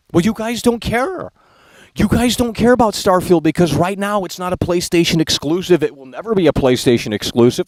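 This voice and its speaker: A man's voice: on the high side, a little mellow, no room sound, low-quality recording. A man ranting in a video about games, scolding his viewers in a preachy, repetitive way. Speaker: gaming commentator. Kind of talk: ranting vlog commentary.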